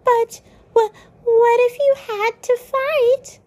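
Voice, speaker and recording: A woman voicing a small, anxious male prince from a video game who stammers and trails off. His voice sits high and thin, slow and unsure. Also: fairly even intonation, darkish tone. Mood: worried. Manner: hesitant, stammering.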